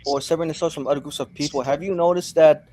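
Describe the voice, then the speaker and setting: A man's voice: on the high side, fairly even intonation, racing, dark tone, slight background noise. A man hosting a casual panel talk, rambling and tripping over words. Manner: rambling, trips over words, agrees a lot.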